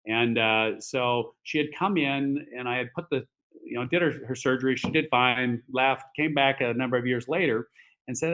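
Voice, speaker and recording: A man's voice: medium pitch, moderate pace, fairly bright tone, low-quality recording. A man who is an orthopedic surgeon, telling patient stories on a podcast in a rambling way, with many fillers and acted-out dialogue. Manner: acts out quoted dialogue. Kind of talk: casual podcast storytelling.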